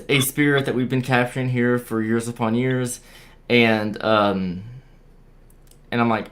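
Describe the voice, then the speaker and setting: A young man tells his story in an unpolished, casual way. He stumbles, repeats words and restarts his sentences often. His voice sits at an ordinary middle pitch. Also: steady tone, moderate pace, long pauses. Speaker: guest sharing a paranormal experience. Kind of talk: casual storytelling on a video call.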